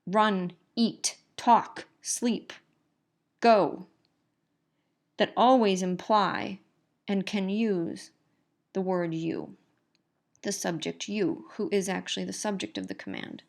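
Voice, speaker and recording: A middle-aged woman delivers a recorded grammar lecture in a patient, explanatory way. She often restates her key points to make them stick. Her voice sits at an ordinary pitch for a woman. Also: lively intonation, takes it slowly, pauses often. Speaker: English instructor.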